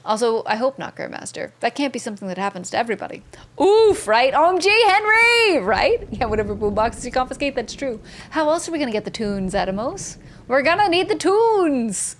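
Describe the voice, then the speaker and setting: A woman streaming a video game live, chatting excitedly and reading viewer messages aloud. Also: on the high side, brisk. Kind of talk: live gameplay commentary.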